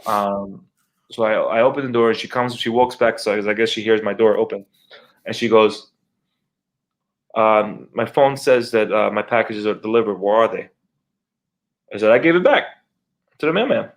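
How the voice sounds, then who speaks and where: A middle-aged man co-hosting a podcast, telling a long neighbor story in casual, profane, animated talk and acting out his own reactions. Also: on the low side, normal speed, pauses often. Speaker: podcast co-host.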